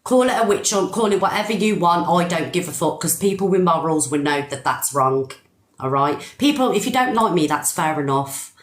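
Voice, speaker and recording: Angry british woman going off on a tiktok live, lowish voice, echoey room on a phone. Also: lively intonation, moderate pace. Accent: British English. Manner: angry, emphatic, swearing. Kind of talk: ranting live stream commentary.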